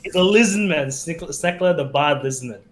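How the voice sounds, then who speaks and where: A man's voice: a little high, expressive, a little fast. Playful, stammering man. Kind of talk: casual chat.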